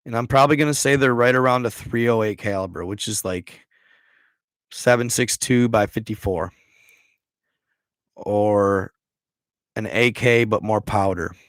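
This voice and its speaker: A man's voice: lowish voice, no room sound, clean studio sound. A man hosting a casual livestream, rambling through a history story in slangy speech and stumbling over words. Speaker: livestream host.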